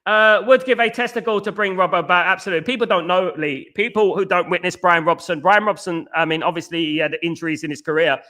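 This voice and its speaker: A man's voice: high-pitched, fast talker, hardly any pauses. A man, hosting a casual livestream, chatting with viewers, breaking into chants and repeating himself. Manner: excitable, sings and chants, repeats phrases. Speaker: livestream host. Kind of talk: casual live chat reading comments.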